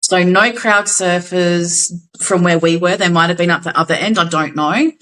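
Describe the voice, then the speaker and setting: A woman's voice: fairly low pitch, steady tone, normal speed, fairly bright tone, poor audio. A young Australian woman co-hosting a podcast, telling a gig story in casual chat, acting out quotes and swearing casually. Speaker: podcast co-host.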